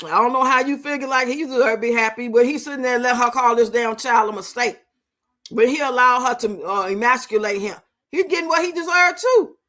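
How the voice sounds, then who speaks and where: Young woman streamer, high bright voice, loud, profane, teasing chat host. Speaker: livestream host. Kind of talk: casual live-stream chat reacting to a reality show.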